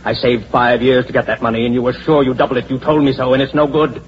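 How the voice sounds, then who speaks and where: A man's voice: medium pitch, little pitch movement, fast talker, slight background noise, lightly acted. A man playing an agitated, desperate small investor confronting a swindler in a 1940s-style radio drama, on a dull old recording. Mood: demanding.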